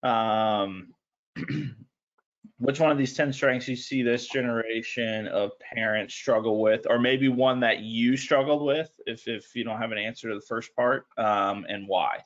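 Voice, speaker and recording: A man hosting a webinar and asking the panel questions in a relaxed way. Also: mid-range voice, a little slow. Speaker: webinar host. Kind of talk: moderating a webinar. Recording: muffled lo-fi call audio.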